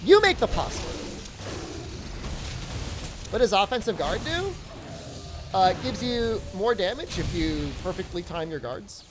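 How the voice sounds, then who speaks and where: A woman's voice: mid-range voice, normal speed, background noise. A woman streaming a video game, chatting casually and jokingly as she answers her chat. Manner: jokey, answers chat aloud, lively. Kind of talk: casual live-stream chat while gaming.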